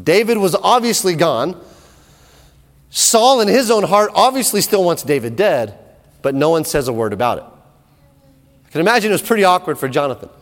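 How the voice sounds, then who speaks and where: A man preaching a sermon in animated storytelling style, often repeating words, in an echoey hall. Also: sits high, moderate pace, pauses often.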